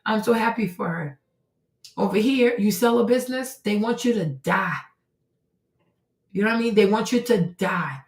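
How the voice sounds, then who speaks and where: A woman's voice: mid-range voice, moderate pace. A woman hosting an opinionated commentary stream, talking emphatically and rhetorically, repeating phrases for effect. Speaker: host. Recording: roomy and distant from the mic.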